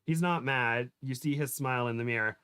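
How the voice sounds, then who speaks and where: A man hosting a comedy podcast, reading fan fiction aloud with stumbles, giggles and quick shifts into character voices. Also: medium pitch, a bit bright, smooth.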